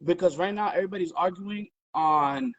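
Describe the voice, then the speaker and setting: Guest: husky man, higher voice, animated and profane, dry close sound. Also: brisk, no echo, lo-fi sound. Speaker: interview guest. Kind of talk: casual storytelling on a livestream.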